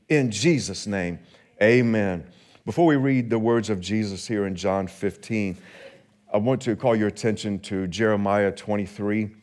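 Male pastor, lowish voice, emphatic sermon delivery with slowed key lines, church service. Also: darkish tone. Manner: rises and slows for emphasis when quoting scripture. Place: church sanctuary.

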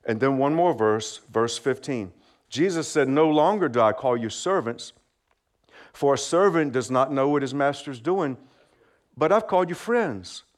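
A man delivers a sermon in an easy, friendly way, at a middle pitch. He checks in with his listeners often, leads call-and-response, and laughs lightly between his points. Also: lively intonation, unhurried. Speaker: preacher. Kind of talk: children's sermon.

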